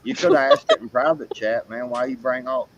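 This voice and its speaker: A man's voice: mid-range voice, huge pitch swings, brisk, noisy background. A man on a stream call, jokingly scolding the others in loose slang. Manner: mock-scolding, drawling slang. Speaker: stream guest. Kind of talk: casual group chat.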